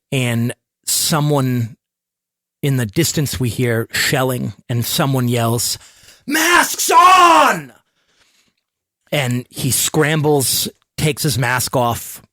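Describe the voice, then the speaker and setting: A man playing in a tabletop role-playing game, narrating his character's scene in a slow, halting way. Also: medium pitch, dry recording, clean studio sound. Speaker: player.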